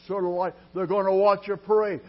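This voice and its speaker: A man preaching a sermon in a dramatic style, dropping to a hush and then rising loud, drawing his words out slowly. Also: sits high, level tone. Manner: dramatic preaching with sudden loud rises and quiet drops; slow, drawn-out delivery. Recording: dull lo-fi sermon recording.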